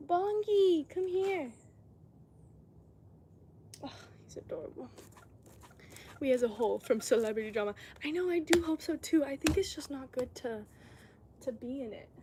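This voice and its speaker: A young woman with a slightly high voice chats casually on a livestream while making pottery. She talks to her viewers and thanks them for gifts as she works. A clear hiss of noise sits behind her voice. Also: expressive, brisk. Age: 20s.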